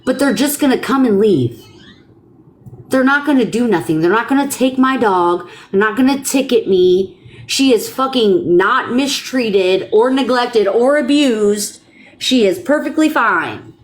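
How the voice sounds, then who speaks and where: A woman hosting a live stream, talking loudly and bluntly and swearing often in casual chat. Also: a little high, expressive, a little slow.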